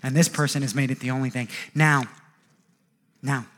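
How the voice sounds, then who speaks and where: A man in his thirties preaching a sermon, animated, acting out quoted voices and often repeating words as he goes. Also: mid-range voice, moderate pace. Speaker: pastor.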